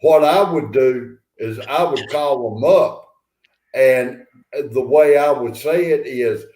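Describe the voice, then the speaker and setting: Slow-drawling Southern man. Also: medium pitch, darkish tone, echoey room. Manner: slow drawl, laughing, blunt. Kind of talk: casual chat.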